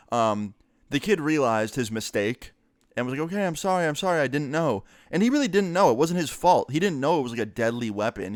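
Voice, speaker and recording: A man with a mid-pitched, resonant voice tells a story in a relaxed, chatty way. He swears freely and leans on fillers. The sound is dry and close. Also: clear, resonant tone, no room sound. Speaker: storyteller vlogger. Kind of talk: casual storytime narration.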